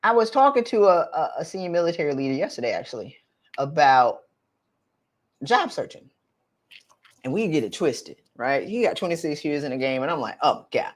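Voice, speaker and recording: A middle-aged woman, coaching viewers in an animated, direct, slangy way on a live stream. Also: low-pitched, moderate pace, pauses often. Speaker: career coach for women.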